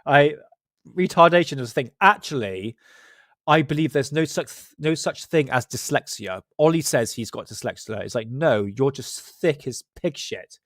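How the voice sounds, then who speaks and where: A man's voice: mid-range voice, animated, moderate pace, fairly bright tone, no room sound, clean studio sound. A man with a West Country English accent hosting a livestream, chatting casually in joking, sweary, self-mocking banter. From Southwest England. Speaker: livestream host.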